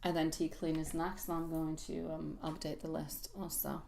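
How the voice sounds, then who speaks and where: A woman's voice: deep voice, level tone, normal speed, gravelly, a little mellow, a little hiss or hum. Woman, tarot reader, live stream, affectionate, reassuring, casual chat. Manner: affectionate, calls listeners sweetie; soothing, reassuring advice.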